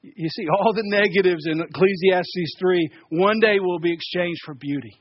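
A male pastor delivers a sermon in a fairly high voice. He preaches emphatically, rising and falling in volume and doubling back on words. The sound is dry and a bit dull. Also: normal speed, no echo. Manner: emphatic, shifts between loud and soft, repeats words.

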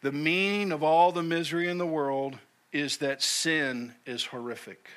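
A man preaching a sermon in a church, his tone bright and forward and his voice sitting a little high. He is emphatic, repeats his key phrases and sometimes drops to a near whisper for weight. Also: a little slow. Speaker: pastor. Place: church sanctuary.

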